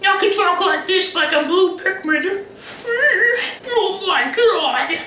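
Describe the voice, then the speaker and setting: A young trans man putting on a squeaky, excited voice for a tiny male Blue Pikmin creature, exclaiming in shrill bursts. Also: slow, distant mic, slight background noise, heavily acted. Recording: echoey room, off-mic.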